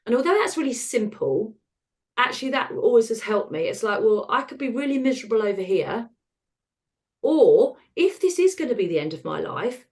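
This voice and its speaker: A woman, a podcast guest talking frankly about hard times, laughing at the dark parts. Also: fairly high pitch, big pitch swings, normal speed. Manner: frank and self-deprecating, laughs at dark moments. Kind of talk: candid conversational storytelling.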